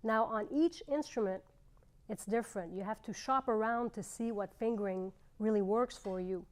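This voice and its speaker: A middle-aged woman teaching clarinet, explaining fingerings in a clear, measured way with pauses. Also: a little high. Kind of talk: instructional demonstration.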